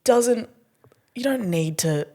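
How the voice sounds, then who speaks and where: Young woman, from Australia, podcast co-host, casual chat, lively and animated. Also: slow pace. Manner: animated, acts out quotes with big pitch jumps and laughs.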